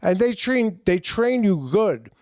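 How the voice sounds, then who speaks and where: A middle-aged man with a New York accent, a comedian guest telling a long story in a rambling, animated way with lots of fillers. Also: high voice, takes it slowly, no room sound, clean studio sound. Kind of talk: casual storytelling.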